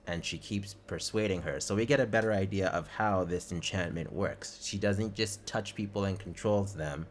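A man's voice: deep voice, steady tone, normal speed, a little hiss or hum. A man co-hosting a casual podcast, laid-back as he recaps scenes at length. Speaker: podcast co-host.

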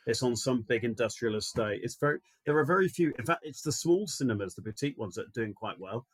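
Fast-talking wry man, dry sound. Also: mid-range voice, expressive, no room sound. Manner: wry, teasing and opinionated. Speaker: podcast co-host. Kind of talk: casual chat.

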